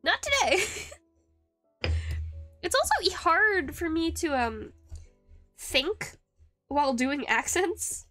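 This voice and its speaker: A woman with a high voice chats on a live stream while she carves. She rambles and stops herself with fillers. The sound is close and dry, with faint music behind her. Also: big pitch swings, extremely slow, long pauses, a bit bright, no room sound. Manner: rambling, self-deprecating, hesitant with many fillers. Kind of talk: casual live-stream chat while woodcarving.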